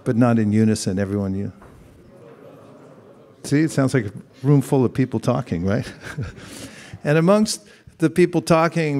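A man's voice: medium pitch, normal speed, darkish tone. A man giving a spiritual talk to a live audience, conversational, asking the listeners questions and acting out examples.

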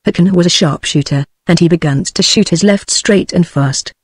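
A text-to-speech voice of a woman with a British accent, reading a novel aloud with an even, synthetic delivery. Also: fairly low pitch, normal speed, slightly rough, no room sound, studio quality. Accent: British English. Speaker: audiobook narrator.

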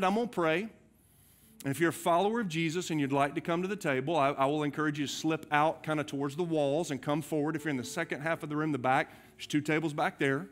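A middle-aged pastor preaches to his church in a slightly high voice. He talks in an earnest, conversational way and often restarts phrases mid-thought. The sermon mixes casual asides with urgent appeals. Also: brisk. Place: church sanctuary.

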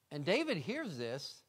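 High-voiced man preaching a folksy sermon. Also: breathy edge. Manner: folksy storytelling, acts out voices in retold scenes; swings from loud to soft, drops to a hush. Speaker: guest preacher.

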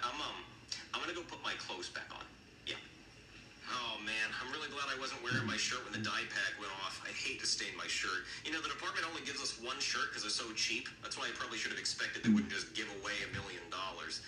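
A man's voice: on the low side, animated, a little fast, noisy background, lightly acted. A man playing a stammering, bumbling cop. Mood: sheepish. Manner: rambling, stammering excuses. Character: bumbling boastful male police officer. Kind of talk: comedy puppet video dialogue. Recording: echoey, distant, music behind.

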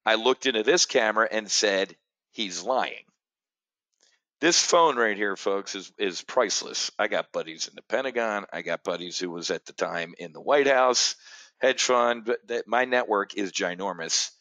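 This man, a US trading educator, sits facing the camera in a studio and hosts a live options-trading brief in a brash, bragging sales style. His fairly low voice is bright and forceful, at a normal speed, in a dry recording.

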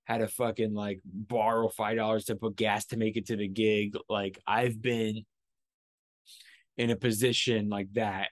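A man hosting his own podcast, telling a story in a casual, animated and profane way, acting out what people said. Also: on the low side, no room sound, clean studio sound. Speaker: podcast host.

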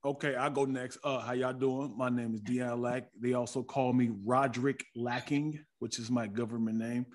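A man's voice: mid-range voice, fairly even intonation, moderate pace, few pauses. A man guesting on a podcast, laid-back and joking in casual chat.

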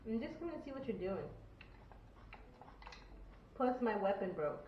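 High bouncy woman voice, teasing and dry while gaming with her kid, far off in a noisy room. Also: sing-song, a little slow. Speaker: parent playing a video game with her child. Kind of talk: casual chat while gaming. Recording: echoey, muffled, noisy room audio from afar.

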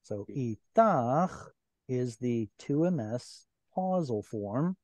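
A man's voice: mid-range voice, expressive, drawn-out words, a little mellow, no room sound. A man teaching a Hebrew class over a video call, patiently explaining grammar step by step.

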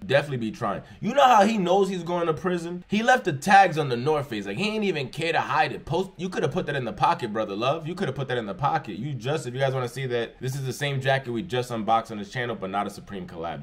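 A young man hosting a reaction video, talking casually and joking, sometimes jumping into loud, high bursts. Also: lively intonation, fast, few pauses.

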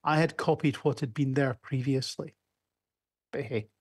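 Here a Scotsman in his fifties, an emergency medicine doctor, delivers a candid, anecdote-filled keynote via video call with occasional small restarts. His mid-range voice is unhurried with a breathy edge, captured in clean studio audio without room sound.

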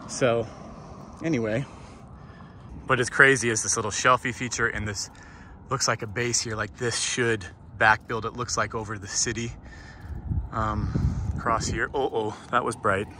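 A man's voice: mid-range voice, fairly even intonation, normal speed, pushed and bright. A man filming a storm chase vlog outdoors, marveling aloud at the sky and sometimes out of breath. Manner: awed exclamations, thinking aloud. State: out of breath at times. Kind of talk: excited outdoor vlog commentary. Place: outdoors on a hillside during a storm. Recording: outdoor camera audio with background noise.

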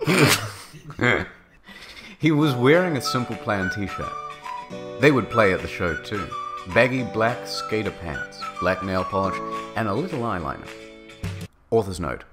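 A man's voice: on the low side, very animated, measured pace, loud music behind the voice. A man narrating a comedic dramatic reading, mock-dramatic with sardonic asides.

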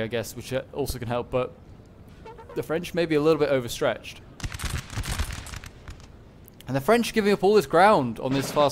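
A man gives casual, rambling gameplay commentary over a strategy game battle, full of fillers and restarts. His voice is mid-range, with a little hiss or hum.

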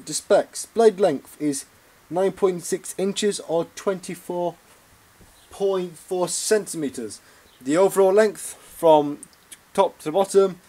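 A man's voice: high voice, dark tone, breathy edge. Hesitant Yorkshire man reviewing militaria. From Yorkshire, England. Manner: hesitant, frequent ums and self-corrections. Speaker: bayonet collector and reviewer. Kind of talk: informal hobby review vlog.

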